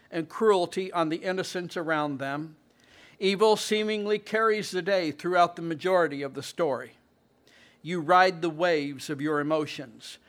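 A man preaching a sermon, reading scripture with slow, emphatic delivery and rising exclamations. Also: fairly high pitch, a bit bright. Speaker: pastor.

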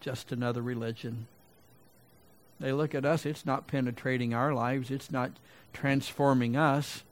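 A male pastor delivering a sermon, swinging between loud emphatic peaks and quiet low asides, with conversational restarts and remarks to the congregation. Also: fairly even intonation, moderate pace, few pauses.

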